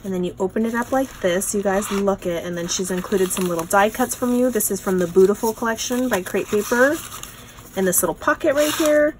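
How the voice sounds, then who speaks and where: Young woman, craft channel host, excitable show-and-tell, faint background hiss. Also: medium pitch, a little fast. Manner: gushing, excitable, lots of "oh my gosh" and "you guys". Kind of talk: casual unboxing show-and-tell.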